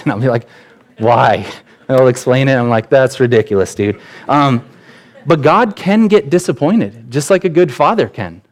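A man's voice: mid-range voice, darkish tone. Conversational man preaching a sermon. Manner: conversational, personal anecdotes, frequent restarts. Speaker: pastor.

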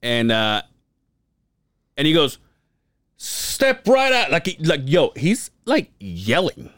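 A man's voice: medium pitch, big pitch swings, takes it slowly, a bit bright, dry recording, clean studio sound. A man co-hosting a podcast in casual chat, telling stories animatedly, laughing often and swearing freely. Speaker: podcast co-host.

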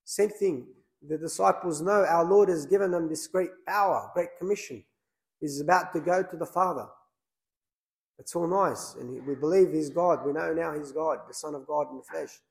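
A man's voice: a little high, normal speed, gravelly, low-quality recording. A man, a priest, preaching a sermon in a plain conversational way, with many fillers and restarts.

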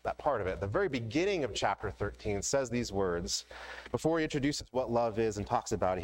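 A man's voice: on the low side, expressive, fairly quick, rough recording. A middle-aged man preaching a sermon as a pastor, telling personal stories in a casual, conversational way with frequent "right?" asides.

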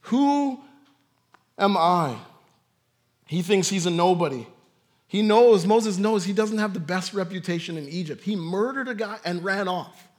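A man with a fairly high-pitched voice delivering a sermon as a pastor. He preaches in a loose, conversational way. He pokes fun at himself along the way. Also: moderate pace, darkish tone. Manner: conversational, self-deprecating humor.

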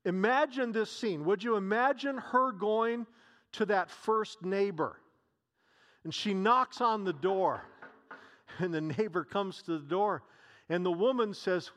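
A man's voice: sits high, animated, a little slow, a bit bright. A man preaching a sermon, retelling a scripture scene with acted dialogue and many rhetorical questions.

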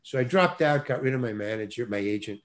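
A man, an actor, telling a casual anecdote animatedly, restarting phrases and punching lines with quick interjections. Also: mid-range voice, lively intonation. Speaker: actor guest telling a story.

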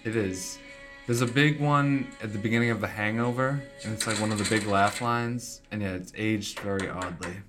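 A man's voice: fairly low pitch, moderate pace, music in the background. Quipping man co-hosting a podcast. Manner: reactive, quips and laughs a lot. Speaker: podcast co-host. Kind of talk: casual chat.

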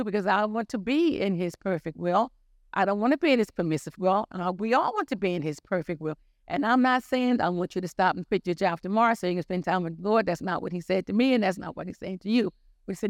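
A woman's voice: medium pitch, fairly quick, no room sound, clean studio sound. An older woman preaching a sermon, telling her own story in an earnest, repetitive way.

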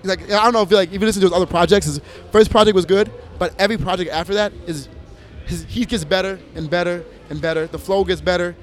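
A man's voice: high voice, quick pace. A man from Minneapolis, a DJ and producer, chatting as an interview guest, telling stories with lots of swearing and laughter. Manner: animated storyteller, swears freely, laughs often. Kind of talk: casual interview chat.

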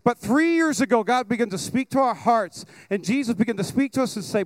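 A man preaching to a congregation at a church service, excited and casual, with slang and asides to the crowd. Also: extremely high pitch, brisk, hardly any pauses, no echo. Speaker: pastor. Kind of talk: lively sermon at a church service.

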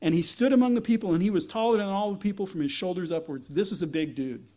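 A male pastor giving a conversational sermon, explaining scripture with wry asides and lively emphasis when reading aloud. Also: sits high, quick pace.

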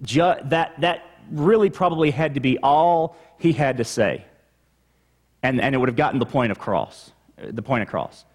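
A man's voice: medium pitch, animated, moderate pace. A male pastor preaching a teaching sermon, explaining the text and repeating key points for emphasis.

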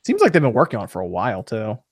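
A man hosts a casual gaming talk show, reading out viewer messages and answering them. He talks fast. His voice sounds dry and close, with no room around it. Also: mid-range voice, wildly swooping pitch, breathy edge, no room sound. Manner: quick, upbeat, reads out chat questions.

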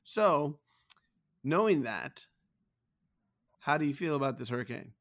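A man's voice: on the high side, animated, measured pace, a bit bright. A man hosting a podcast, reading out odd news stories with comic timing. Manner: comic storytelling, laughing at his own punchlines. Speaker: podcast host.

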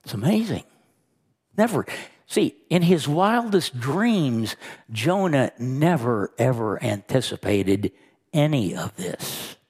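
A man pastor preaching a sermon, slow and emphatic, rising and quickening when he retells scenes. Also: medium pitch, very animated, a little mellow, breathy edge.

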